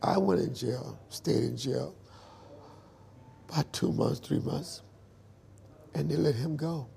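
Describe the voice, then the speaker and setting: A man in an interview, telling his life story in a lively storytelling way and acting out the dialogue. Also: fairly high pitch, slow pace, vocal fry.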